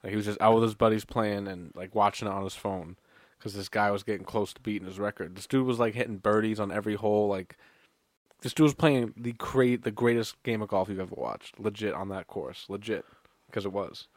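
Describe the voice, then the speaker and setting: Blunt low-voiced man, casual golf talk. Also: a little fast, dry recording, clean studio sound. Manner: blunt, swears, explains at length. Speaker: podcast co-host. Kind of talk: casual chat.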